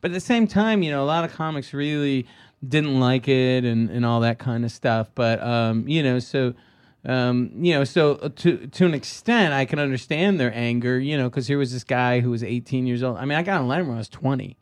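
A man's voice: medium pitch, brisk. A man in his fifties, a comedian chatting casually on a podcast, rambling and restarting, laughing often. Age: 50s. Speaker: guest comedian.

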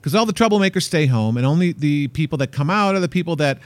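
A man's voice: fairly high pitch, fast talker, no room sound. Joking man hosting a radio chat. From Chicago, USA. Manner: joking, lively banter. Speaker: host.

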